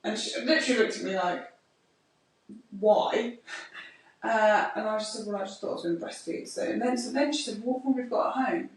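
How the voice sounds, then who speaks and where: A woman co-hosting a chat show, telling stories with lively, exasperated emphasis. Her voice sits at an ordinary pitch. It is picked up from a distance in a very echoey room. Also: very fast. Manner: expressive, ranting storyteller. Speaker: podcast co-host, mother. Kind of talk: casual chat. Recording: echoey room, mic far off.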